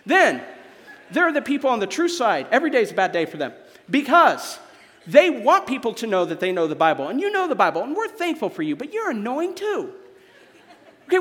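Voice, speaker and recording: A young adult man from Missouri preaching a sermon as a guest speaker, animated and joking with the congregation. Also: very high voice, in a large hall. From Missouri, USA. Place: church sanctuary.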